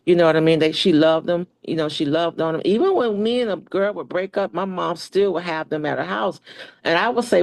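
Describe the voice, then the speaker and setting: A woman being interviewed, telling her life story in a relaxed way with many fillers. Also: mid-range voice, a little fast, no room sound, rough recording. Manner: relaxed, frequent fillers and restarts, reads poetry aloud. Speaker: interview guest. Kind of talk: personal storytelling in conversation.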